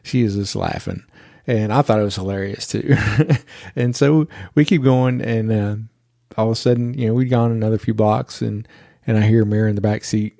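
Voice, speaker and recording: A man's voice: lowish voice, fairly even intonation, moderate pace, gravelly, mellow, no echo, studio quality. A man hosting a podcast, telling a story in a chatty way and laughing as he goes. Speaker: podcast host. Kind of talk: casual storytelling.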